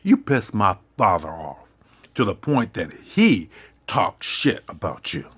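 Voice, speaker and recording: A man's voice: on the low side, wildly swooping pitch, slow pace, a bit bright, slightly rough. A man giving an impassioned, confrontational monologue, swearing heavily and lecturing his listeners. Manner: preachy, confrontational, heavy swearing.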